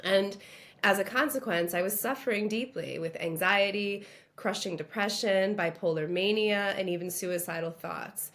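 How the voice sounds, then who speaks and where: A woman's voice: medium pitch, moderate pace, a bit bright. Podcast guest: woman from Long Island, earnest, reflective personal storytelling. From Long Island, New York.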